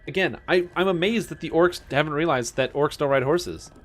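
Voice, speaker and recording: A young man streaming a game, chatting casually with amused, excitable bursts. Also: a little high, a little fast. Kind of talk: casual gameplay commentary.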